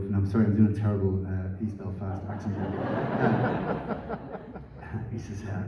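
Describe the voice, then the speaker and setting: A man telling a rambling, self-deprecating story on a theatre stage, halting with fillers. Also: on the low side, fairly even intonation, vocal fry, crowd noise. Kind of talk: live on-stage anecdote. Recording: echoey hall from far off, dull audience recording. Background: audience noise.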